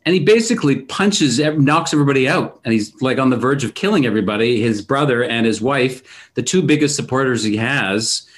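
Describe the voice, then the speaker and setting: A man's voice: mid-range voice, brisk, hardly any pauses. Man animatedly retelling film scenes. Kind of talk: casual film discussion.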